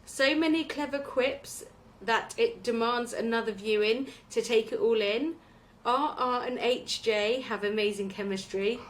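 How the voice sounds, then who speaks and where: A woman's voice: on the high side, a little slow. A woman co-hosting a podcast, chatting casually and reading out listener reviews with plenty of ums. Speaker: podcast co-host.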